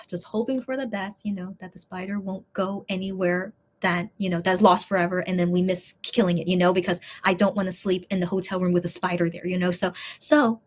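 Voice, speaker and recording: A woman's voice: fairly low pitch, fairly quick. A young woman telling a story in a casual, rambling way, with lots of restarts and fillers. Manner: lively, breaks into laughs. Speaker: vlogger.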